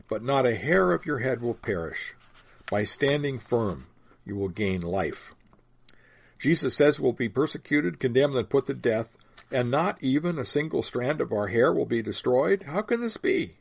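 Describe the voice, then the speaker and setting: A man delivers a sermon, walking listeners through scripture in a measured teaching voice. His tone is gravelly and a little husky, recorded close and dry with no room around it. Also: medium pitch, dry recording. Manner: measured teaching, slowing on key phrases. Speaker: preacher.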